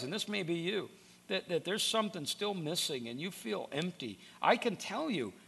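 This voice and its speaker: A man's voice: sits high, gravelly, fairly bright tone, slightly rough. A man preaching a sermon, earnest and direct, often repeating words as he starts a sentence. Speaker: pastor.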